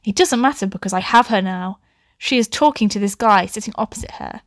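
A woman's voice: mid-range voice, fairly quick, no room sound, clean studio sound, close to an everyday voice. A woman reading aloud the lines of a stressed, anxious teenage boy from a story, in her own plain voice.

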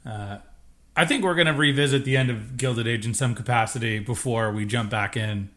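A man in the middle of the male range co-hosts a laid-back podcast. He rambles, pauses and fills gaps with "uh" as he thinks out loud. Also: mid-range voice. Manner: relaxed, rambling, hesitant with fillers. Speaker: podcast co-host. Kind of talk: casual chat.

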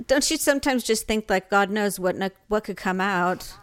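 A woman's voice: mid-range voice, moderate pace, clean tone. A woman co-hosting a podcast, chatting casually with a playful, teasing manner and frequent laughs. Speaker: podcast co-host. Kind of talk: casual chat.

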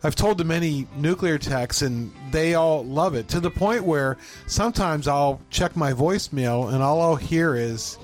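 A man's voice: on the high side, a little slow, hardly any pauses, faint music behind. A man co-hosting a podcast, telling a work story in casual chat and acting out the voices of the people in it. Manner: animated storyteller, acts out voices in quotes. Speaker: podcast co-host.

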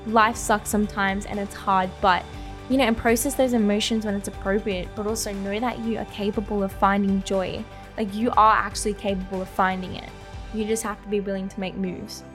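A woman's voice: mid-range voice, level tone, fairly quick, soft background music. A young woman, co-hosting a casual faith podcast, talking earnestly and heartfelt with lots of "like" and "you know". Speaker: podcast co-host.

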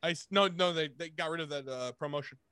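A man's voice: fairly high pitch, fast talker, bright, forceful tone, clean tone, no room sound, studio quality. A man in casual podcast chat who jokes, banters and laughs often.

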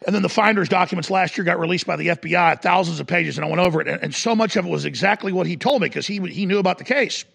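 A male talk radio host in an impassioned broadcast monologue. He rants with force, swinging between shouts and low growls. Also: racing, gravelly, few pauses, slightly rough.

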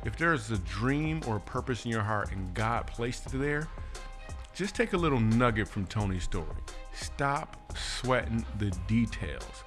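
A comedian and podcast host telling a story and closing with an emphatic, preachy message in an energetic, slangy manner. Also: male voice, fairly low pitch, unhurried, faint music behind.

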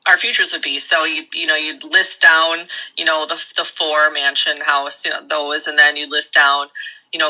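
A woman with a Wisconsin accent and a very bright, sharp tone talks casually about her writing. Her delivery is easygoing, with ums and small laughs between thoughts. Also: low-pitched, low-quality recording. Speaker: author guest. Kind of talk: casual interview. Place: bedroom at home.

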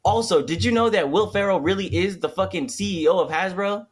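A man's voice: high voice, brisk, husky. A man in his twenties co-hosting a podcast, ranting in loose, profane slang during a casual chat. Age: 20s. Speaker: podcast co-host.

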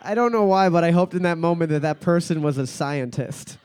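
A man's voice: a little high, a little fast, darkish tone, smooth. A man in his thirties hosting a casual trivia quiz, reading questions twice and swearing freely between laughs. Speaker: quiz host.

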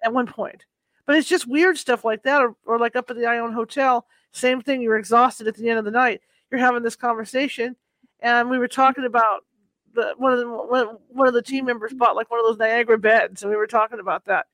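A male host with a very high voice chats casually with his guest. He often repeats words as he gets going. His voice sounds dry and close to the mic. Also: steady tone, fairly quick, a bit bright, dry recording, rough recording. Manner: chatty, repeats words when starting. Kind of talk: casual chat.

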